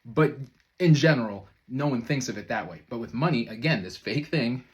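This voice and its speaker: A man's voice: mid-range voice, expressive, moderate pace. A man speaking as a manifestation coach in a loose, conversational way, full of fillers and brief chuckles. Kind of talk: casual motivational talk to camera.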